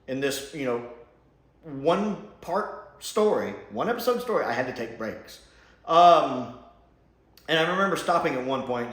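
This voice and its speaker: Sarcastic man with a lively, echoey voice. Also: medium pitch. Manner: blunt, sarcastic, mocking impressions. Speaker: TV episode reviewer. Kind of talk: casual spoken review. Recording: echoey room.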